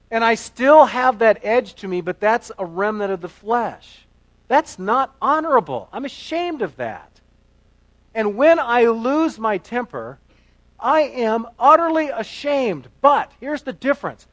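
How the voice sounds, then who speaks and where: A man with a notably high voice preaches from the pulpit, dropping to near-whispered asides and then surging into loud, emphatic passages. He repeats and restarts phrases as he drives each point home. The recording is dry and close, with no room sound. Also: big pitch swings, a little slow, no echo, poor audio. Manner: dynamic, swings between hushed asides and loud emphatic passages; repeats words and restarts while building a point. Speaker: pastor. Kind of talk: sermon.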